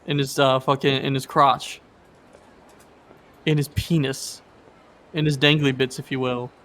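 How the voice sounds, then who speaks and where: A guest co-streamer on a game stream chats casually and cracks corny jokes with groan-worthy punchlines. His medium-pitched voice is level, measured and fairly bright, with slight background noise.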